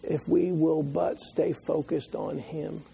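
A male pastor giving a sermon, moving from calm teaching to loud, impassioned preaching. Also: a little high, takes it slowly, vocal fry, a little hiss or hum, poor audio.

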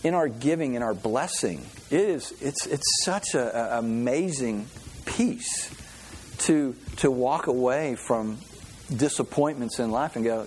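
A man gives a relaxed sermon in a church, talking like he's telling a story to friends. He repeats words and restarts his sentences often, with easy laughs. A faint murmur of the room sits behind his voice. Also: mid-range voice, unhurried, a little hiss or hum. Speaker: preacher. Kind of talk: conversational sermon with personal story.

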